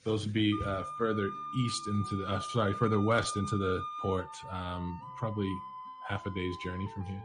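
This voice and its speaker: A man with a very low voice narrates a tabletop game as dungeon master. He talks haltingly, with frequent ums and restarts. Music plays clearly behind him. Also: flat delivery.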